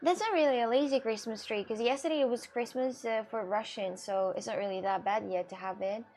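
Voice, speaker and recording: A woman streaming, chatting casually and reading chat aloud, halting often with fillers and restarts. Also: a little high, darkish tone.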